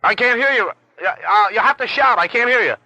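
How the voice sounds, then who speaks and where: A radio DJ man taking a phone call, flustered and quick-talking, growing testy along the way. His voice is high and tense, and it sounds dry and close. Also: sharp tone, no room sound. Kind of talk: casual phone chat.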